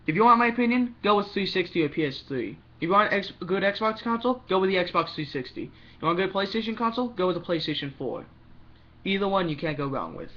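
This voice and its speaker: A man's voice: sits high, bright, forceful tone, lo-fi sound. A young man giving a rambling opinion vlog about games, often stopping to restart his sentences. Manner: rambling, restarts often, talks fast in bursts. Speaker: gaming vlogger.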